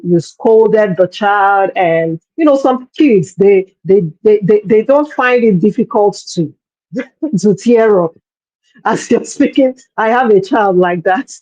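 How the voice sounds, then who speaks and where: A woman's voice: medium pitch, mellow, dry recording. Earnest woman parenting coach, dry dull audio. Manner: earnest, repeats words while searching for phrasing. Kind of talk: parenting workshop talk.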